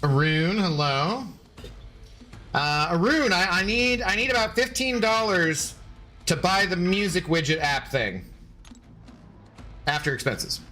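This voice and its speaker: A man's voice: high-pitched, lively intonation, measured pace, pauses often, sharp tone, soft background music. A man streaming a game and chatting loosely with viewers, laughing often and swearing casually.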